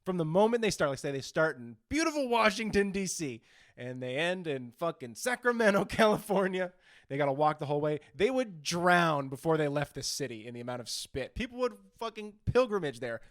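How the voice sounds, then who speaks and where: A man co-hosting a podcast, ranting in casual comic chat with heavy profanity, jumping from loud outbursts to low mutters. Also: sing-song, a little fast, dry recording, studio quality. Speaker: podcast co-host.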